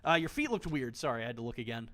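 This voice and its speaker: A man's voice: medium pitch, big pitch swings, racing, a bit bright. A man streaming a game, chatting casually, joking, swearing freely and talking straight to the characters on screen. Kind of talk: casual gameplay commentary.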